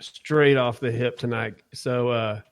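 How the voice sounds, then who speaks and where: A man's voice: medium pitch, fairly even intonation, slow pace, clean tone, no echo. A man co-hosting a podcast in a studio, chatting casually and laughing often. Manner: laid-back, laughs often, says "man" and "dude". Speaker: podcast co-host. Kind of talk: casual chat.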